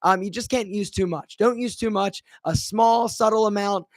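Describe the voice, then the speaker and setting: A man's voice: high voice, steady tone, moderate pace, no echo, studio quality. A man, a brand founder, answering viewer questions in a casual live Q&A, chatty and full of fillers. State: a bit out of breath.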